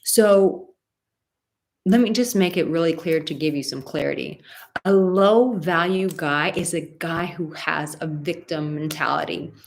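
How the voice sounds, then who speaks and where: A woman's voice: low-pitched, a little slow, gravelly, slight background noise. Emphatic woman coaching in a live stream. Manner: emphatic, rambling with tangents. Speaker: dating and relationship coach.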